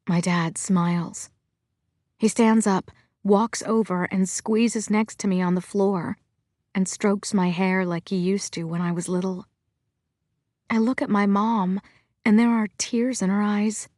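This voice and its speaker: A woman's voice: mid-range voice, steady tone, unhurried, darkish tone, dry recording, studio quality. A woman narrating an audiobook in the first person, earnest and reflective.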